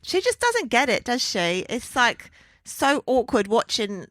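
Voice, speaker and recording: British female co-host, giggly gossip, bright and a touch high, recorded dry and close. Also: huge pitch swings, no echo. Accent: British English. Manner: gossipy, giggly, quick to laugh. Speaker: podcast co-host. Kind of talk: casual chat.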